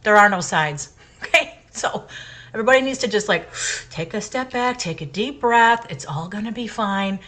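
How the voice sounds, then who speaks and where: A woman's voice: medium pitch, lively intonation, normal speed, fairly bright tone. A middle-aged woman co-hosting a casual talk podcast. She speaks her mind with passion and leans hard on her points, repeating them for emphasis. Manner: impassioned, emphatic opinion-giving. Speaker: podcast co-host. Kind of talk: casual chat.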